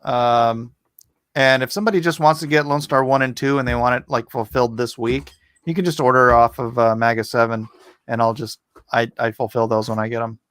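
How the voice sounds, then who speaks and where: A man on a stream as a guest, chatting casually and getting animated when something amuses him. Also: medium pitch, fairly quick, clean tone, no room sound. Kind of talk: casual chat.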